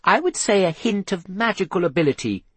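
A man reading aloud, voicing a composed, thoughtful woman investigator in an earnest, measured way. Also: sits high, expressive, a bit bright, slightly rough, no echo, voice pushed up, exaggerated voice.

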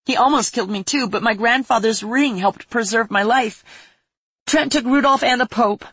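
A woman's voice: on the high side, normal speed, a bit bright, slightly rough, no echo, pitched above the performer's own voice. A woman reading a storybook voices a grief-stricken young woman who is crying and pleading, her voice cracking. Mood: tearful.

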